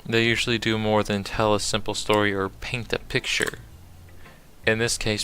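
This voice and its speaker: A man reading the lines of a shy, bookish teenage girl from a game, soft and polite. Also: lowish voice, vocal fry. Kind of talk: reading game dialogue aloud.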